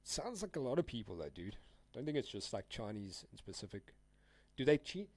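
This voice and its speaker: A man hosting a live trading stream in a loose, slang-heavy way, speaking straight to his viewers. His voice is mid-range in pitch. The sound is dry, with little room around it. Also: very animated, fairly quick, no echo. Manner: casual, slangy, addresses viewers as guys and dude.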